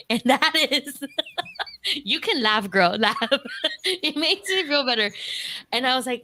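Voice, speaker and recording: A woman's voice: a little high, moderate pace. Frank, profane woman talking candidly. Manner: frank, profane, animated storytelling with laughter. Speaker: podcast guest. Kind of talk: casual candid conversation.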